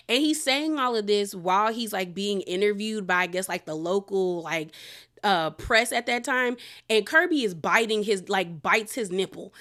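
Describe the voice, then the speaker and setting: A woman recaps a documentary episode in a loose, chatty way. Her voice sits at a middle pitch. She talks animatedly, exclaiming and laughing as she goes. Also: moderate pace, bright, forceful tone. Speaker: show reviewer. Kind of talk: casual recap.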